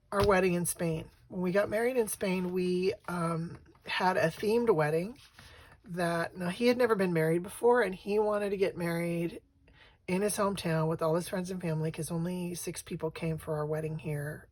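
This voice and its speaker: A middle-aged woman casually showing her craft work, soft and rambling, with lots of fillers and restarts. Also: fairly low pitch, a little hiss or hum. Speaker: craft vlogger.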